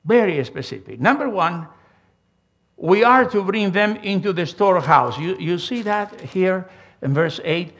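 Older preacher man, gravelly and animated. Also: high-pitched, a little slow. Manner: emphatic preaching with a storytelling style, frequent restarts. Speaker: pastor. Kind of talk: sermon.

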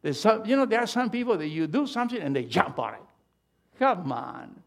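A man preaching a sermon, emphatic and animated, swinging between loud and hushed delivery with halting restarts. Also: high-pitched, creaky. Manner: halting restarts and repeated words.

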